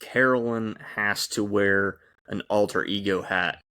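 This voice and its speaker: A man co-hosting a casual podcast, chatty and quick to laugh while telling stories. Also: on the low side, fairly even intonation, pushed and bright. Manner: chatty, laughs often, storytelling. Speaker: podcast co-host. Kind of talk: casual chat among friends.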